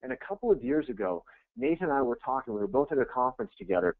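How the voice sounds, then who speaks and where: A man coaching real estate agents in a webinar, energetic and conversational, blunt and quick to go off on tangents. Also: mid-range voice, dry recording. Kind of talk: webinar presentation. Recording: tinny, dry phone-like webinar audio.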